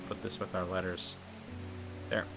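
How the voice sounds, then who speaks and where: A man's voice: low voice, level tone, moderate pace, gravelly, music in the background. A man streaming a game live, thinking aloud and asking his viewers what to do next. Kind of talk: live gameplay commentary.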